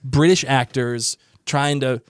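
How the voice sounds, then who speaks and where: A man's voice: medium pitch, steady tone, slow, clean tone, dry recording, studio quality. A man co-hosting a podcast, eagerly chatting about a TV episode, often restarting his sentences. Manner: enthusiastic, teasing, many restarts. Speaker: podcast co-host. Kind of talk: casual TV recap chat.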